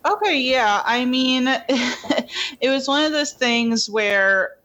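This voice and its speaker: A woman's voice: high voice, animated, takes it slowly, sharp tone, highs cut off, slight background noise. A woman guest reviewing a film, talking candidly and laughing easily in casual chat.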